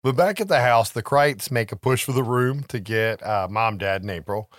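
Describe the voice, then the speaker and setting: This is a man in his thirties with a mid-pitched voice, recapping a film for his podcast co-host. He tells it like a story, swears freely, laughs often and acts out the characters' lines. The recording is dry and close. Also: moderate pace, fairly bright tone, no room sound. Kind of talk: casual movie recap chat.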